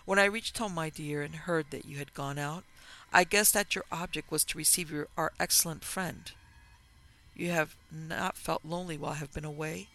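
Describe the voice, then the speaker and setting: A man reading a flattering, effusive gentleman in an audiobook, full of elaborate courtesy. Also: on the high side, normal speed. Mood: gushing. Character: oily, flattering middle-aged gentleman.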